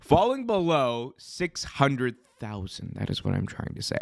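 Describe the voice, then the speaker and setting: A young man who is hoarse from being sick, hosting a live wrestling commentary stream in a chatty, rambling way that often corrects itself. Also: mid-range voice, huge pitch swings, measured pace. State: hoarse, recovering from illness. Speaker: wrestling show host.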